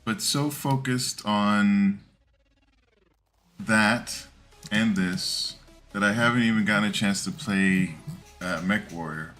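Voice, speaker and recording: A man streaming live who talks slowly and mutters to himself while he clicks through settings. His voice is low but bright and forceful, and faint music plays in the background. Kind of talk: casual live-stream chat.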